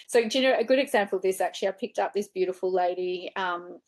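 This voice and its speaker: A woman's voice: medium pitch, a little fast. A woman funeral director and celebrant in a casual interview, talking earnestly and acting out the words she quotes in her stories. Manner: animated storyteller who acts out her own quoted words.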